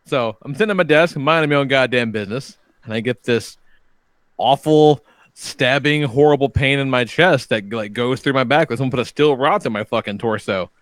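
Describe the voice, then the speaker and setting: A man's voice: medium pitch, moderate pace, fairly bright tone, dry recording. A man in his thirties, a podcast co-host telling a long story in casual, profane chat and acting out both sides of the conversations. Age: 30s.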